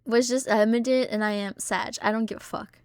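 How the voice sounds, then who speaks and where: A young woman streamer tells a story with a high, lively voice. She swears freely and her voice jumps up when she acts out the scene. The sound is close and dry, with no room echo. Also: brisk, smooth. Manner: animated, swears a lot, shrieks in retold moments. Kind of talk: casual live-stream storytelling.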